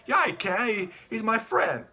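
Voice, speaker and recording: A man doing a whiny little boy in a pitched-up voice that pleads and stammers, begging for what he wants. The voice pushes up and gets louder on each request, like a spoiled child nagging. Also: moderate pace, heavily acted. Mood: whiny pleading.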